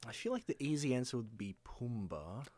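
A man co-hosting a podcast in casual chat, low-key and measured, answering softly. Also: very animated, no room sound, clean studio sound. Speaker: podcast co-host.

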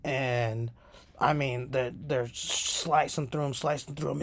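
A man's voice: mid-range voice, fairly even intonation, slow pace, no echo. A man hosting his own podcast, rambling casually with many fillers. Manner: rambling, lots of filler ums. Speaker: podcast host.

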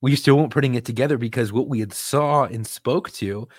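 A man's voice: mid-range voice, fairly quick, breathy edge, dry recording, studio quality. A young man, a police officer and podcast co-host, telling a story in casual chat with lots of swearing and acted-out quotes. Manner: profane, animated retelling with quoted voices.

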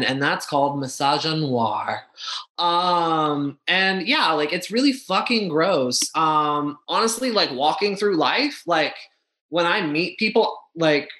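Impassioned co-host, man, bright forward tone, fast and full of fillers. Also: on the high side. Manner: impassioned, fast-talking with frequent restarts and fillers. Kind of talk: casual discussion.

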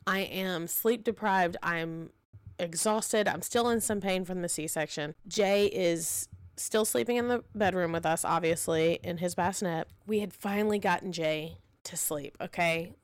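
Dramatic storytelling mom, dry close sound. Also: female voice, on the low side, a little slow, clean tone, dry recording. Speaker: podcast host and mother. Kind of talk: casual storytelling chat.

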